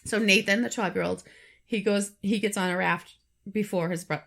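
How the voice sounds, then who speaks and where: A woman's voice: medium pitch, fairly even intonation, normal speed, creaky, fairly bright tone. A woman co-hosting a podcast, casually telling a true story with frequent fillers and restarts. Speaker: podcast co-host.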